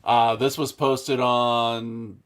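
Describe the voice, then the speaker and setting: A man's voice: medium pitch, level tone, drawn-out words, fairly bright tone, clear, resonant tone. A man co-hosting a casual hobby show, upbeat and enthusiastic, laughing often. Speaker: co-host of a model car customizing show. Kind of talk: casual chat.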